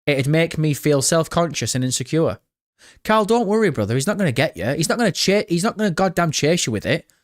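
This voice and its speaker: A man's voice: fairly high pitch, sing-song, brisk. A young man hosting a live stream, chatting with his viewers and reacting to a trailer in a jokey, rambling way. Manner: chatty, jokey, talks to chat, breaks into laughter.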